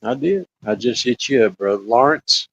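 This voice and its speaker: A man's voice: mid-range voice, expressive, normal speed, vocal fry, breathy edge, dry recording. A man joining a casual chat, cracking crude jokes and calling the others bro and buddy. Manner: joking, calls people bro and buddy. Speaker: guest. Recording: dry, dull lo-fi sound.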